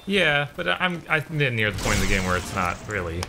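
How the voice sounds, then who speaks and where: A man's voice: lowish voice, big pitch swings, normal speed, creaky. Laid-back man gaming, noisy mic. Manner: laid-back, self-deprecating, short replies. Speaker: streamer playing the game. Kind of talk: casual gaming stream chat.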